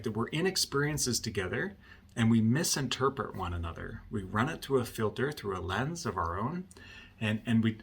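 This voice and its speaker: A man's voice: fairly low pitch, creaky, fairly bright tone, a little hiss or hum. A man working as a marriage counselor, explaining a point through a client story in a conversational way and often checking in with "right?".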